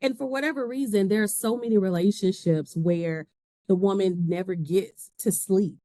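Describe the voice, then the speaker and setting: A woman guest on a podcast recounts her story in a lively way, putting on the voices of the people she quotes. Her voice sounds dry and close, with almost no room around it. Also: medium pitch, moderate pace, dry recording. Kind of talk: casual conversation.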